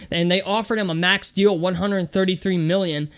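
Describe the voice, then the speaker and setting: A man's voice: high-pitched, fairly even intonation, normal speed, clear, resonant tone. A young man hosting a sports vlog, talking casually and loosely with lots of fillers. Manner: chatty, loose and conversational with many fillers.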